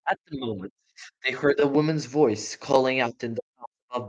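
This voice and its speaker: A man narrating a children's book in a live read-aloud, expressive, with chatty asides. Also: medium pitch, moderate pace, dry recording, poor audio. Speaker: storyteller.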